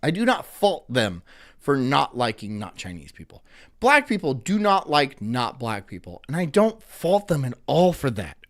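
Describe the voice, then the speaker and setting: A man's voice: medium pitch, wildly swooping pitch, normal speed. A man hosting a livestream, ranting profanely and animatedly about news clips. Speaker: livestream host.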